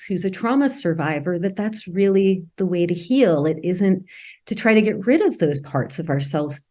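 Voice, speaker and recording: A woman author and healer, a podcast guest, explaining her work in a gentle, earnest way. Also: medium pitch. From United States. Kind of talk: interview conversation.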